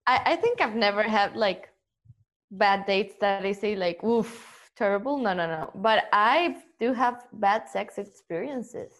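A woman's voice: medium pitch, lively intonation, unhurried, fairly bright tone. A woman guest in a casual group chat, speaking hesitantly but bluntly.

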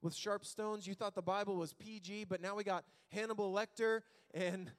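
A man preaching a sermon as pastor, telling a Bible story in an animated, joking way and acting out the quotes. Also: high-pitched, normal speed. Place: church sanctuary.

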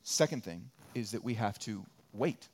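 A man preaching a sermon as pastor, repeating phrases for rhythm and dropping from loud peaks to quiet asides. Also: lowish voice, lively intonation, a little slow. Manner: conversational and joking, acts out little quoted voices.

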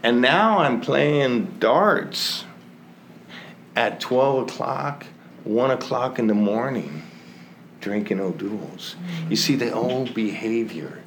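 A man telling his own recovery story in a slow, conversational, self-mocking way, often breaking into laughter. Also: mid-range voice, lively intonation, a little hiss or hum. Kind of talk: storytelling testimony.

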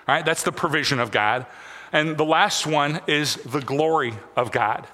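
A man preaching a sermon as pastor, repeating phrases in a rhythmic build and dropping his voice soft at key lines. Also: on the high side, measured pace. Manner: repetitive, rhythmic preaching with sudden soft drops. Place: church sanctuary. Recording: long reverb of a large hall.

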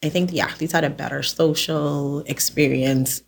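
A woman with a notably low voice chats as a podcast guest. She talks through her stories casually and laughs often. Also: steady tone, moderate pace, creaky. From The Bahamas. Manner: chatty storyteller, laughs often. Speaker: podcast guest, sports volunteer. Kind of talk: casual chat.

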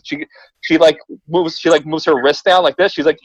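Young guy ranting a story on a podcast, swears a lot, does little voices, kinda high pitch, super dry mic. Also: a little fast, no echo, low-quality recording. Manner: animated, swearing, mimics voices in his stories. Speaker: podcast co-host. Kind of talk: casual storytelling chat.

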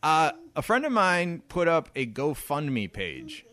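A man's voice: fairly high pitch, takes it slowly. A man co-hosting a casual podcast, ranting and laughing as he leads the topics. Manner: ranting, laughs often, animated. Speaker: podcast co-host leading topics.

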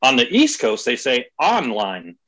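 A husky man talks in a loose, animated podcast-chat way. He swears freely and slips into mocking voices for effect. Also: medium pitch, normal speed, poor audio. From California. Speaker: guest podcaster.

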